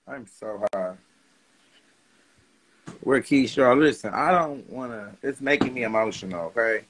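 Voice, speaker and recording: A man's voice: mid-range voice, unhurried, fairly bright tone, poor audio. A man chatting casually on a livestream, laughing often and reading viewer comments aloud in a loose, rambling, profane way.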